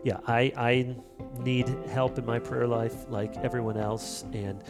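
A man's voice: mid-range voice, a little slow, over music. A middle-aged man, a pastor and author, speaking earnestly as an interview guest and acting out quotes as he tells stories. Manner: earnest, animated storytelling with acted-out quotes. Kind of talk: casual interview conversation.

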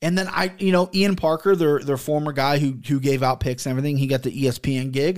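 Brief: thirties male host, slightly high voice, animated and profane storyteller. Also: fast talker, few pauses. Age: 30s. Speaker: podcast host and sports betting handicapper. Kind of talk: casual storytelling monologue. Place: home studio.

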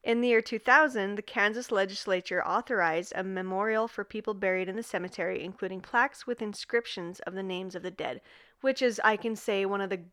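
A woman's voice: medium pitch, brisk, a bit bright, smooth, no echo. A woman co-hosting a casual podcast, telling a story with a laugh and plenty of swearing. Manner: casual, laughing, reads case notes with swearing. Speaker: podcast co-host.

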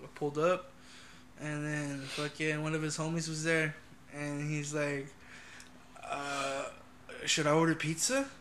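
Bright-voiced young man, loose and profane. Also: a little high, flat delivery, unhurried, long pauses, a little hiss or hum. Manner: profane, laughing storytelling. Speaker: podcast host. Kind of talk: casual chat.

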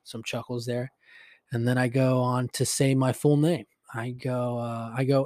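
A young man hosting a podcast, telling a story casually with lots of swearing, fillers and animated retelling. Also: medium pitch, a little slow, no echo, studio quality. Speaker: podcast host.

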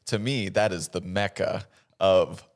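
A man's voice: low voice, steady tone, unhurried. A man in casual podcast chat, joking and laid-back.

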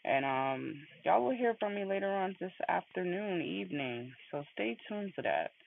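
A man's voice: sits high, expressive, normal speed, creaky. A man hosting a casual motivational morning talk, candid and emphatic, swearing freely, speaking from his car on the way to work. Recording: phone-like line with faint road noise.

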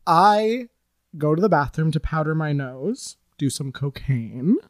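A woman guest on a comedy podcast, telling an absurd improvised story with playful, theatrical deadpan. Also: deep voice, unhurried, no room sound.

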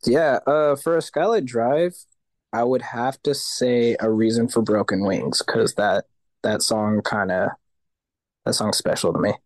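A man's voice: mid-range voice, measured pace, dry recording. A man, a guest vocalist in a casual interview, telling stories animatedly, acting out the voices of others and swearing casually.

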